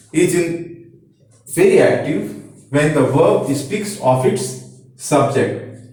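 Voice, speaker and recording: Male grammar teacher, higher voice, slow and repetitive, recorded from a distance in a very echoey room. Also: darkish tone. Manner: slow, repetitive explaining, pointing to examples. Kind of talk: classroom-style explanation.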